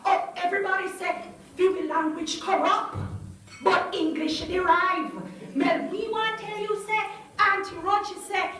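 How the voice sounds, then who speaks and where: A middle-aged Jamaican woman storyteller calls out to her audience in a very high, bright voice. She talks slowly, in an animated, singsong way. She is heard from a distance in a hall with heavy echo. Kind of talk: lively storytelling performance. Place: large echoey hall with audience. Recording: echoey hall, heard from far off.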